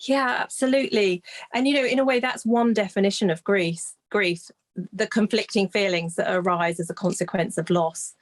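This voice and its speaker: A woman speaks softly and reflectively as a grief recovery specialist in an interview. She often pauses, restarts and searches for words, keeping an even, gentle pace. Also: mid-range voice. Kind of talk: interview, explaining.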